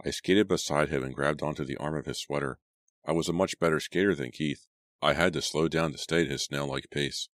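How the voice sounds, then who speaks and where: A man reads an audiobook aloud in a steady storytelling voice. His voice is extremely low. The recording is dry and close, with no room sound. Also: fairly quick, no room sound. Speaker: audiobook narrator. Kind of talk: audiobook narration.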